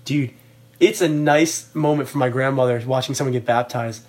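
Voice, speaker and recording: A young man telling stories in a casual podcast chat, animated and rambling, with lots of fillers. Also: medium pitch, moderate pace. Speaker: podcast co-host.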